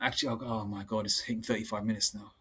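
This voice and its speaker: A man giving an informal sermon, mixing casual street slang with slow, drawn-out Bible readings. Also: lowish voice, level tone, a bit bright, slight background noise. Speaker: preacher.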